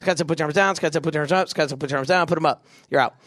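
A young man leading a big youth crowd through a game, joking and doing quick silly voices. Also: fairly high pitch, a bit bright, no room sound, studio quality. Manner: goofy, quick asides, acts out voices. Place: event venue with a live audience.

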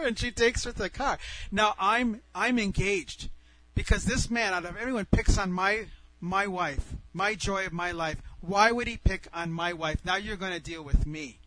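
A middle-aged man with a high voice tells a personal story, excitable and animated. He often trips over himself, restarts and repeats words. The sound is dry, with no room echo. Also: moderate pace. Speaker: speaker telling a personal faith story.

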